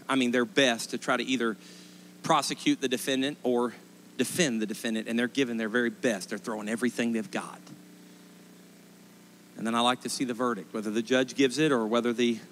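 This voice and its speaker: A man in his forties, a pastor preaching a sermon, telling stories emphatically and rising to loud impassioned pleas. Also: medium pitch, slight background noise. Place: church sanctuary.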